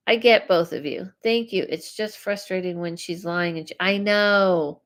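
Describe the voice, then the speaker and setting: A woman's voice: medium pitch, unhurried, hardly any pauses, a bit bright. A woman psychic host giving live readings, chatty and reacting to viewer comments aloud. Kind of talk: live-stream reading chat.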